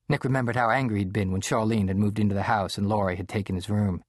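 A man narrating a children's audiobook in a measured, expressive storytelling manner, close to the mic. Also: fairly low pitch, dry recording. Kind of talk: scripted narration. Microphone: close studio mic.

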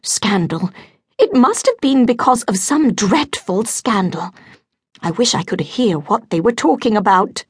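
A woman's voice: mid-range voice, very animated, measured pace, husky, no echo, pitched above the performer's own voice. A woman voicing a fretful, social-climbing titled mother in an audiobook, exclamatory and plaintive.

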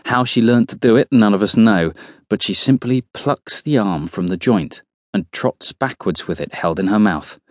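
A man narrating a horror audiobook in the first person, measured and tense. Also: on the low side, a little mellow, dry recording.

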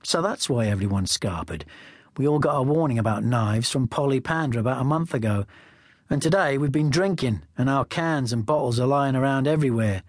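A male audiobook narrator telling the story in the first person in a wry, chatty way. His voice sits at an average pitch and the recording is close and dry. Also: animated, fairly quick, no echo.

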